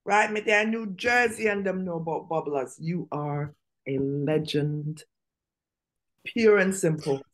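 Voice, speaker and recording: A woman's voice: deep voice, slow pace. A woman co-hosting a radio podcast, talking emphatically and repeating herself as she praises her guest. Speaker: podcast co-host. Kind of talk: casual radio interview.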